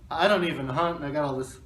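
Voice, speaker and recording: A man's voice: on the high side, fairly bright tone. New guy hosting a talk show, jokey rambling chat, echoey room, mic kinda far. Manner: joking, rambling, laughs often. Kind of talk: casual livestream chat. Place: arts center room. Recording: echoey room, mic at a distance, faint noise.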